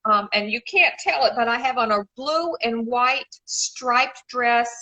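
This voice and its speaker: Effusive, bright-voiced middle-aged woman. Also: fairly high pitch, measured pace, low-quality recording. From Memphis, Tennessee, USA. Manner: chatty and effusive, calls people darling. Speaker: shoe designer and regular guest. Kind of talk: casual live-stream chat.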